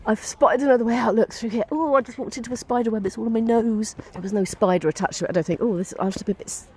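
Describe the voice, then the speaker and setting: A woman's voice: fairly high pitch, rapid-fire, a little mellow, a little hiss or hum. Woman vlogger, young adult, chatty and laughing, filmed handheld outdoors. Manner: chatty, laughs often, talks to camera while walking. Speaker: vlogger and musician. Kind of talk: casual vlog chat. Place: outdoors, walking between venues.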